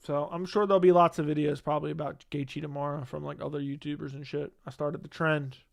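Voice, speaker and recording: Talking fast with a flat delivery, this livestream host has a slightly high, gravelly voice. He chats with viewers in a casual stream and goes off on profane, indignant rants.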